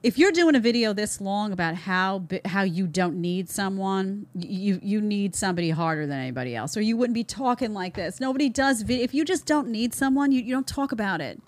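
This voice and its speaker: A woman's voice: mid-range voice, animated, a little fast, hardly any pauses, no echo. A woman hosting a show, giving opinionated commentary in an emphatic way, with many repeated words and rhetorical questions. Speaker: show host reacting to clips.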